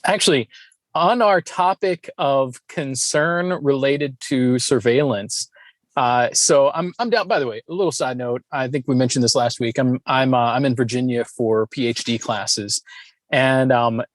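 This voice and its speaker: A man co-hosting a podcast in casual chat, telling stories in an animated way and laughing often. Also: medium pitch, measured pace, dry recording. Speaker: podcast co-host.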